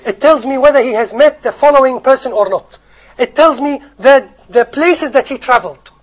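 A man giving a sermon, telling stories in an animated, joking way to his audience. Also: very high voice, normal speed, poor audio. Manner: animated storytelling with jokes. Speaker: Islamic preacher.

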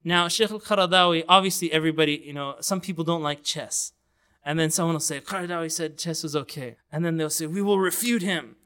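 A man's voice: fairly high pitch, steady tone, quick pace, pushed and bright, smooth. A man giving an earnest, emphatic sermon, with passages of the Quran chanted melodically. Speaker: Islamic preacher.

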